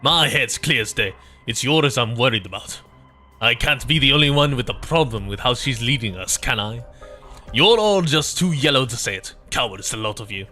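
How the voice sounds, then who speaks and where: A man's voice: medium pitch, lively intonation, normal speed, bright, forceful tone, faint music behind. A man voicing an angry, sneering male troublemaker who taunts the others.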